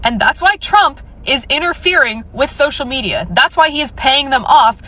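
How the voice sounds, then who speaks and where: A woman's voice: sits high, animated, normal speed, pushed and bright. A woman venting to camera in an exasperated, angry way. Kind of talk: ranting to camera.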